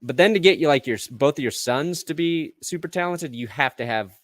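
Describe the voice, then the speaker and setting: A young man co-hosting a casual sports podcast, animated and joking. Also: fairly high pitch, brisk, no echo, studio quality. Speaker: podcast co-host.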